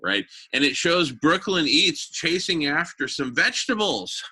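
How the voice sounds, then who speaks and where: A man pitching an idea in a community meeting, rambling and enthusiastic with many fillers and restarts. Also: animated, measured pace, bright, forceful tone, slightly rough. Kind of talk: brainstorming in a group meeting.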